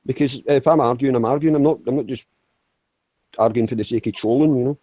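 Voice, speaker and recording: A man's voice: medium pitch, fast, dark tone, dry recording, rough recording. A man chatting casually, rambling with stammered restarts and frequent swearing. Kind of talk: casual chat.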